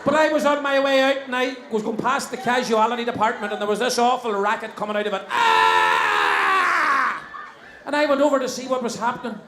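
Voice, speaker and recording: Cheeky high-voiced Northern Irish compere. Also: male voice, fast talker, few pauses, raised voice. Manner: cheeky, banters with the audience. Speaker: show compere. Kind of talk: live stand-up compering. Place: stage in a hall before a live audience. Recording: echoey hall, faint crowd and noise.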